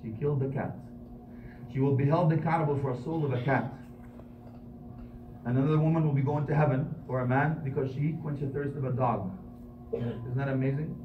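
A man giving an impassioned sermon as an imam, switching into quick Arabic recitation and building to emphatic peaks. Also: medium pitch, steady tone, phone-quality sound. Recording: echoey hall, mic at a distance, faint noise.

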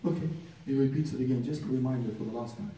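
Fast-talking preacher in an echoey room. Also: male voice, mid-range voice, warm tone, slight background noise. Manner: fervent, rhetorical questions, addresses listeners as brothers; recites Arabic scripture and translates it. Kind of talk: sermon. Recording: very echoey room, far from the mic.

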